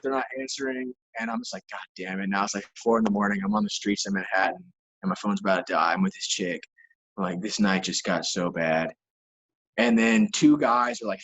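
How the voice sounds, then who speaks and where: A young man guest on a podcast, swearing and saying "like" constantly as he tells a wild story. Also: on the low side. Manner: loose, profane, heavy use of filler words; animated anecdote telling. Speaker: guest, hockey player and rapper. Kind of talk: casual storytelling in a podcast interview.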